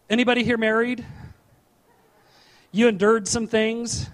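A male pastor preaching a sermon in an animated, humorous way, repeating his key phrases. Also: high voice, normal speed, long pauses.

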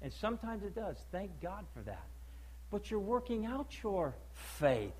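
A male preacher giving a sermon, emphatic and full of rhetorical questions, swinging between loud declaiming and low, quiet stress. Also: sing-song, unhurried, breathy edge, poor audio.

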